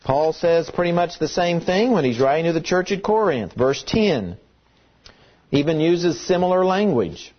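A man delivers a Sunday-evening-style sermon with a slightly high voice. He leans hard on single words and repeats them for emphasis, and the recording sounds dull and lo-fi. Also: lively intonation, normal speed. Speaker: pastor.

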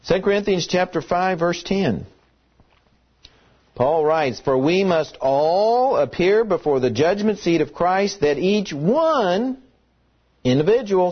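A man's voice: sits high, dull audio. A man preaching a sermon in an emphatic way, reading scripture and repeating key words for stress. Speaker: pastor.

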